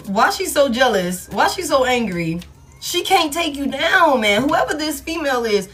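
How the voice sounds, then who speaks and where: A woman giving a live tarot reading to her viewers, blunt and heavy with swearing, swinging between loud hype and low muttering. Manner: blunt, profane and emphatic. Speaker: tarot reader.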